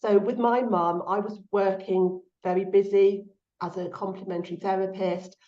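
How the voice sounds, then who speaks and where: A woman's voice: medium pitch, steady tone, normal speed. A middle-aged woman speaking casually and heartfelt as a guest, her voice rising when she quotes others. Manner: soft-spoken and heartfelt, lifts her voice when quoting. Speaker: guest author. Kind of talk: casual conversational interview. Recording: echoey, slightly dull sound.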